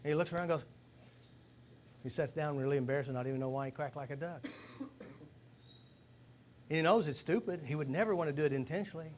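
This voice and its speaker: A man giving a lively live talk to a rehab group, asking the room questions and acting out stories. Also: fairly high pitch, fast talker, long pauses, a little hiss or hum. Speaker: speaker addressing a rehab group. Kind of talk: live motivational talk to an audience.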